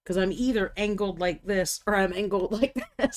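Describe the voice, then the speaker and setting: A woman with a mid-range voice talks at a normal pace while hosting a live stream of miniature painting. She chats casually and thinks out loud as she works.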